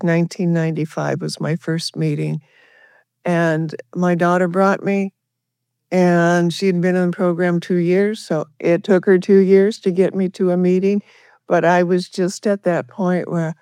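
A woman's voice: on the low side, a little mellow, dry recording, studio quality. A middle-aged woman sharing her recovery story at a meeting, talking earnestly and rambling with many restarts. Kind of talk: personal recovery share.

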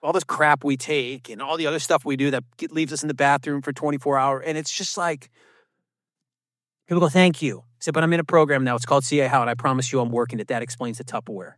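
A man sharing his recovery testimony at a meeting, telling it as an animated story with self-mocking asides and quick impressions of other people. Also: mid-range voice, no echo, studio quality. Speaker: recovery program speaker. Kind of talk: personal testimony talk.

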